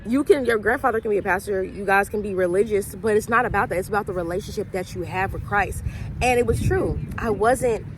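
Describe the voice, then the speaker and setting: A woman's voice: medium pitch, a little fast. Young woman host, easygoing movie recap, voices the dialogue, light traffic hum. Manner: chatty storyteller acting out quoted dialogue. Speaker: host of a faith vlog. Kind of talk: casual retelling of a movie.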